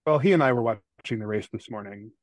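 A man's voice: fairly low pitch, fast, no echo. A man on a podcast making dry sarcastic remarks in casual chat. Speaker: podcast co-host.

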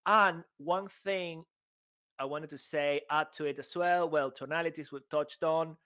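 Animated man acting out dialogue while coaching. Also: fairly high pitch, measured pace. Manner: animated, jokey, acts out dialogue. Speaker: podcast co-host. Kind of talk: casual coaching chat.

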